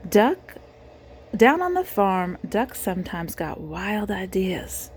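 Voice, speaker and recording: A woman reads a children's picture book aloud, slow and unhurried. Her voice swoops up and down with lively expression as she pauses to quiz the child beside her. A faint hiss of noise sits under her voice. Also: mid-range voice. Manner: gentle, animated, pauses to ask the child questions. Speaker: reader of children's books.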